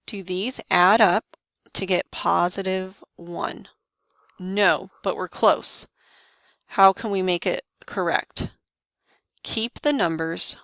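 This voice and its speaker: A woman teaching a math lesson, talking students through each step with quick questions to the class. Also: medium pitch, a bit bright, no echo. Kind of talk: lesson walkthrough.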